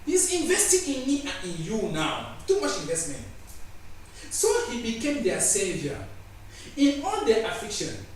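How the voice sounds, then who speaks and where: A man's voice: high voice, a little hiss or hum. A man preaching a sermon with emphatic, repeated phrases. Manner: emphatic, repeats phrases, voices God and the Spirit in quotes. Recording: echoey room from far off with faint ambience.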